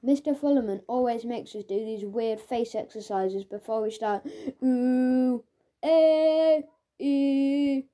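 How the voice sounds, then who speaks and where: Mellow woman narrating a children's story. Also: fairly high pitch, moderate pace, hardly any pauses. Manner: lively, playful storytelling. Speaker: audiobook narrator. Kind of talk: scripted first-person audiobook narration.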